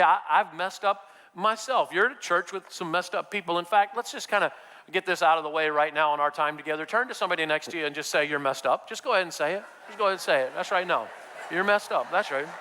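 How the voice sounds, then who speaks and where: Man preaching a sermon in a church, bright ringy voice with long hall echo. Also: high-pitched, quick pace. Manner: preaching with rising, emphatic passages. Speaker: pastor. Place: church sanctuary.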